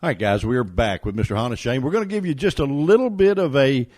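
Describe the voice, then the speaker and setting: Man, interview host, casual chat, animated pitch, mid-range voice. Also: quick pace. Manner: chatty, laughs along with guest.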